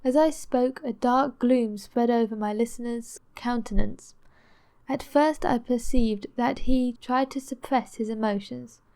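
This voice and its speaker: Woman reading an old novel out loud, bit of a high voice, calm and steady. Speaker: audiobook reader. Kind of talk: audiobook narration of a classic novel.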